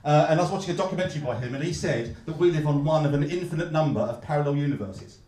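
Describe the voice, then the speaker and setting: A man from London with a Cockney accent, performing a stand-up comedy set with a deadpan, mock-glum delivery and punchlines he pushes up loud. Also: a little high, rapid-fire, recorded from a distance. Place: comedy club stage. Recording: echoey club, heard from afar. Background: audience laughter.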